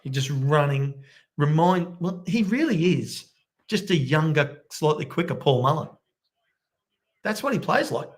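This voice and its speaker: A man giving excitable live play-by-play commentary as a fan watchalong host, keeping his voice down at home late at night. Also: on the high side, a little slow. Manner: excitable, bursts into loud cheering; kept quiet since it is night at home. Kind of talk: live match commentary for viewers.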